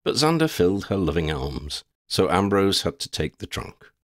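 Expressive male storybook narrator, low and animated, dry close sound. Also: moderate pace, no room sound. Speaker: audiobook narrator.

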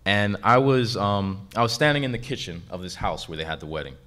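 A man's voice: lowish voice, a little fast. A man on a comics convention panel, talking casually and laughing often as he tells a story. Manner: laid-back, laughs often, grows animated telling a story.

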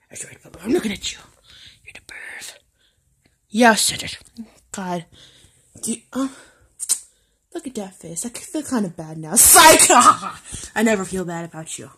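A young woman vlogging casually, talking to her dog and rambling, swinging from mutters and whispers to sudden loud shouts. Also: a little high. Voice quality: husky.

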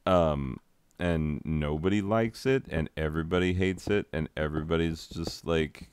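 A man's voice: very deep voice, steady tone, unhurried, a little mellow, smooth, no room sound. A man in his thirties, a teacher, rambling self-deprecatingly while he plays a game and tells a story. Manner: self-deprecating, rambling, breaks into sung asides. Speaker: teacher and gaming vlogger. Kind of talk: rambling casual commentary over gameplay.

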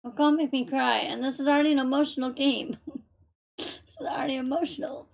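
A woman's voice: high voice, steady tone, fast, creaky. A woman streaming a game live, chatty and gushing, thanking viewers emotionally. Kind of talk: live gaming stream commentary.

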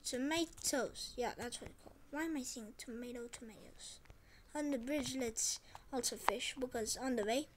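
A woman's voice: a little high, moderate pace, background noise. A woman hosting a gaming channel, chatting casually over a farming game and repeating short phrases to herself. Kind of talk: casual gameplay commentary.

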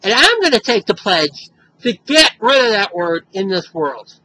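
A man records a direct-to-camera advocacy monologue, upset and openly angry. His voice is bright and forceful. He talks slowly and repeats himself for emphasis. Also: high-pitched, big pitch swings, rough recording. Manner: impassioned, emphatic and repetitive. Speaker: video blogger.

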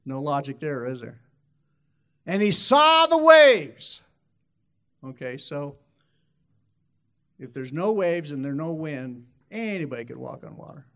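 A man's voice: medium pitch, normal speed, darkish tone. A man preaching a sermon in an emphatic, repetitive way, often restarting phrases and acting out quoted voices.

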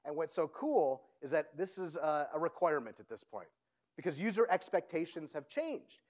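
An energetic man giving a keynote at a tech conference, often asking the audience "right?" as he goes. His voice is pitched high, and his delivery is lively and persuasive. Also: moderate pace. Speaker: conference speaker. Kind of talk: keynote talk.

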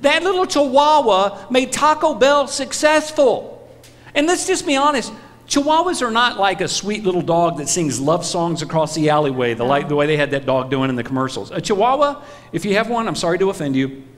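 A man giving a comedic talk to a live audience, telling stories animatedly in a hall. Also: brisk. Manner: animated storytelling, jumps high on punchlines. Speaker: speaker.

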